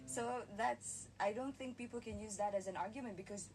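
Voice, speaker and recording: A woman's voice: fairly high pitch, fairly quick, darkish tone, far from the mic, faint music behind, poor audio. A woman on a radio talk show, casually reasoning through a point with rhetorical questions. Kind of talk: casual chat. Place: radio studio.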